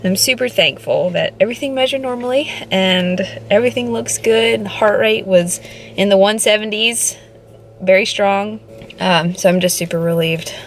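A woman's voice: mid-range voice, moderate pace, slight background noise. A young woman giving a casual vlog update, emotional and teary but relieved, laughing now and then. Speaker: vlogger.

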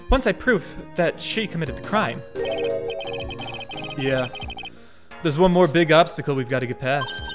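A man streaming a game, joking around and reading the dialogue aloud in a rambling, casual way. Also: on the high side. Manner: jokey, rambling, reads game text aloud. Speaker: let's play streamer.

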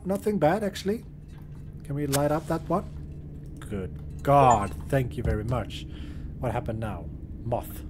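Unhurried and pausing often, a young gaming channel host who isn't a native English speaker does let's-play commentary on a horror game in a mid-range, slightly mellow voice. He's profane and jokey and addresses the game characters directly. There is slight background noise.

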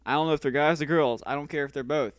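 A man's voice: a little high, steady tone, quick pace, crowd noise. A man auditioning for voice work at home, goofing around between lines with playful sound effects. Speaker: voice actor auditioning. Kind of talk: casual banter, practicing lines.

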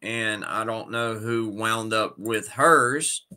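A man's voice: on the low side, slow, pushed and bright. A sick man hosting a casual livestream, greeting his viewers one by one by name. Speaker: livestream host.

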